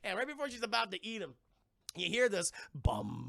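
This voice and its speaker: A young male streamer recapping a monster movie to his live chat, swearing and laughing along the way. His voice sits high, bright and very gravelly. The recording is dry and close. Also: moderate pace, dry recording. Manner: animated, profane, laughing storyteller.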